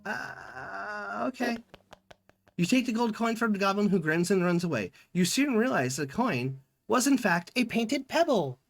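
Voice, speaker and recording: Animated, high-pitched male streamer. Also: gravelly, soft background music. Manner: animated, playful, quick reactions. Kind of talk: live gameplay commentary, reading game text aloud.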